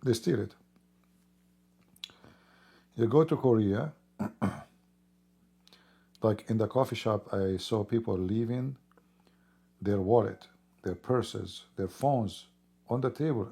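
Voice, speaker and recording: A hoarse man who is losing his voice talks in a rambling, emphatic way during a casual livestream, clearing his throat often. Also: mid-range voice, a little slow, pauses often, dark tone. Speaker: livestream host.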